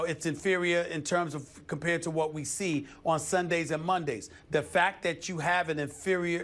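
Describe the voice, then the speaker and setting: A man's voice: on the high side, a bit bright. A man on a studio sports debate show, arguing emphatically and stacking up his points one by one. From United States. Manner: emphatic, builds numbered points.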